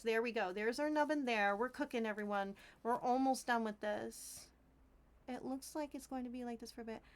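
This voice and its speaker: A chatty woman in her thirties streams from home, talking through her crafting in a high, bright-pitched voice. She gushes over her viewers and thanks them often, keeping it loose and casual. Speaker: Twitch streamer. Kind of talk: casual live-stream chat while crafting.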